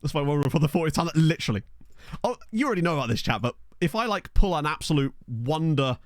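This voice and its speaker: A streamer talks to his live chat from a cramped bedroom, rambling and laughing as he tells stories. His pitch bounces around a lot, and the close desk mic sounds dry with no room echo. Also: quick pace. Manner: animated, rambling storyteller who laughs often. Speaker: streamer playing a football management game. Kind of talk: casual chat with live viewers. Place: small bedroom. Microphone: desk USB microphone.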